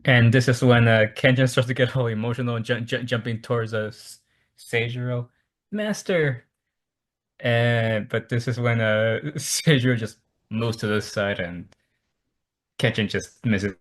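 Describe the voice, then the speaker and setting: A man's voice: medium pitch, level tone, normal speed. Man stumbling through an anime recap. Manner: stumbling, repetitive retelling with many restarts. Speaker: anime review co-host. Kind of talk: casual chat over a call.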